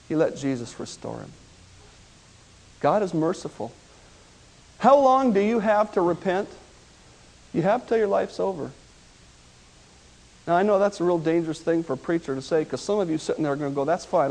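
A man preaching a sermon, retelling a story with dramatic swings between loud outbursts and quiet, hushed lines. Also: high voice.

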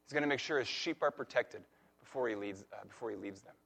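A man preaching a sermon, retelling a Bible story in a lively way and acting out the characters' lines. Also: fairly low pitch, fast talker, gravelly. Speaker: pastor.

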